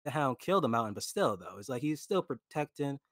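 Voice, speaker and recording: Male podcast guest, mid-pitched, slangy and animated, dry close sound. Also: brisk, no echo. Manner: animated, slangy, acts out his own reactions. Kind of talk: casual chat.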